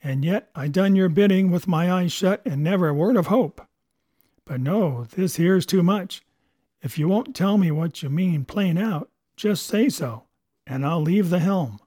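A man voicing a rough-spoken, wheedling sea cook with sailor's grammar in a storybook reading. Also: high-pitched, lively intonation, measured pace, warm tone, no room sound, clean studio sound.

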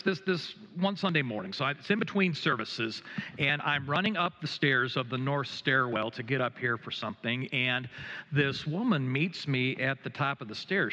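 A middle-aged man preaching a sermon as a pastor, telling a gently humorous story with many hesitations and restarts. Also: mid-range voice, long reverb tail, dull audio. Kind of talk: sermon with personal anecdote. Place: church sanctuary.

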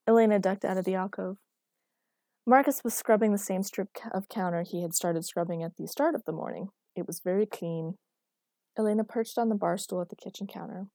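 A woman narrating a story aloud in a steady, even manner on a close mic. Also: mid-range voice, a little fast, no echo. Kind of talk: audiobook narration.

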